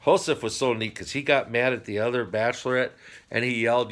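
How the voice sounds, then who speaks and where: A man's voice: medium pitch, lively intonation, quick pace, a bit bright. A middle-aged man hosting a home channel, casually recapping a TV dating show with rambling, wry asides. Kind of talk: casual chat.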